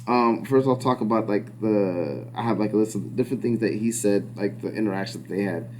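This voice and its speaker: A man's voice: fairly low pitch, brisk, darkish tone, slight background noise. A man co-hosting a podcast in casual chat, rambling with many restarts and fillers and acting out quotes. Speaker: podcast co-host.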